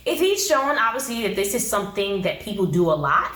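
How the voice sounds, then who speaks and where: A woman's voice: mid-range voice, sing-song, fast, few pauses, fairly bright tone. A woman giving a blunt, slangy casual recap of a TV episode, acting out the people she quotes. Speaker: TV show reviewer. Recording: roomy echo.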